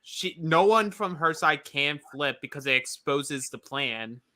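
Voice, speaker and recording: A man's voice: a little high, unhurried. A man co-hosting a casual show about a reality series, acting out contestants' lines with energy. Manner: animated, acts out contestants' lines. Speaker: podcast co-host. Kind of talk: casual chat recapping reality TV.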